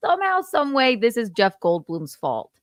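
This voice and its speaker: A woman's voice: on the high side, huge pitch swings, moderate pace, no echo, studio quality. A woman co-hosting a casual comedy podcast, playful and laughing often as she mocks people in exaggerated voices. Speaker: podcast co-host.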